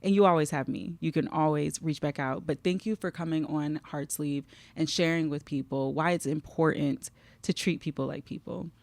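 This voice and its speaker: A middle-aged woman hosts a heartfelt podcast conversation, her voice low and gravelly. She speaks warmly and is close to tears. The sound is dry and close. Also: fairly even intonation, normal speed, no room sound. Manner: warm, emotional, fighting back tears. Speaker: podcast host.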